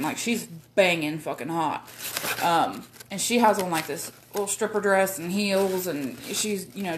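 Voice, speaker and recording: A woman, telling a personal story in a rambling way, full of swearing, fillers and asides. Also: lowish voice.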